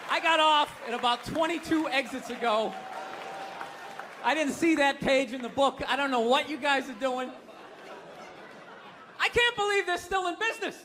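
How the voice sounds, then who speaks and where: A man's voice: extremely high pitch, noisy background. A man doing stand-up comedy, ranting in a profane, incredulous way. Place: stage before a live audience.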